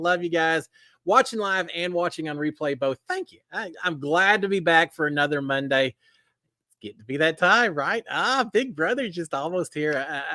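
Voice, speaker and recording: A man's voice: high-pitched, no echo. A middle-aged man from Texas with a Texas drawl, hosting a live stream and chatting casually with viewers in a folksy way with lots of fillers. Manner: folksy, animated, warm greetings with many fillers. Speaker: live show host.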